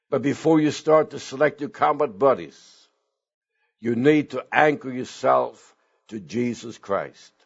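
A middle-aged or older man preaching a sermon as pastor, earnest, with sudden swings in pitch and slow emphatic phrases. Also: creaky, husky. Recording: dull lo-fi sound.

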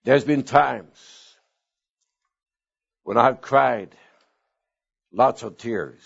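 A middle-aged or older man preaching a sermon as pastor, earnest, with sudden swings in pitch and slow emphatic phrases. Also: vocal fry, husky. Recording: dull lo-fi sound.

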